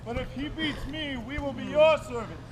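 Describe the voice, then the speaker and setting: A man playing a boastful giant Philistine warrior, speaking slowly with a taunting, defiant manner. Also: very high-pitched. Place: outdoor camp chapel. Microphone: GoPro camera. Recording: noisy outdoor camera audio.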